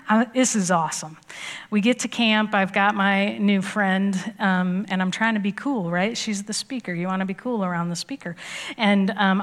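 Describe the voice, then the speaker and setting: A woman's voice: mid-range voice, a bit bright. Woman, 40s, youth pastor giving a sermon; conversational, anecdotal, laughs often. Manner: chatty, storytelling, laughs often, acts out quoted voices.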